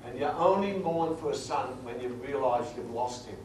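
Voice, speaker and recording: A man's voice: medium pitch, lively intonation, slight background noise. Man preaching in an echoey hall. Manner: numbered points, reads verses slowly and emphatically; grows quiet and emotional at times. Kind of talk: sermon teaching from scripture. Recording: echoey hall recording from far off.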